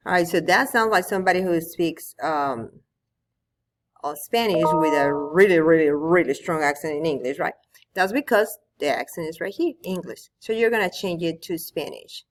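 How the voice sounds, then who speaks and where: A woman's voice: on the low side, moderate pace, slight background noise. A woman teacher walking students through an online tool, patiently explaining step by step at her computer. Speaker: Spanish teacher. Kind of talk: screen-recorded tutorial.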